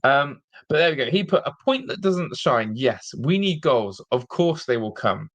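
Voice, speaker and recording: Guy ranting on a fan stream, fed up, keeps repeating himself, average pitch. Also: very animated, moderate pace. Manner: exasperated, repeats himself, mocking. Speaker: fan channel host. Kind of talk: live-streamed football fan rant.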